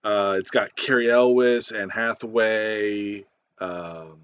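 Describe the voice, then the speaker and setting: A man's voice: lowish voice, steady tone, takes it slowly, fairly bright tone, smooth, muffled recording. A man giving a casual spoken movie review, rambling with many fillers, restarts and casual swearing.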